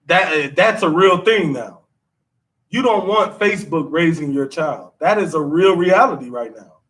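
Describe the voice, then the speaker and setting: A man's voice: fairly high pitch, lively intonation, measured pace, a bit bright, distant mic. A man, teaching a scripture class in a casual, repetitive, slangy way. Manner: conversational, repeats himself, drawling slang.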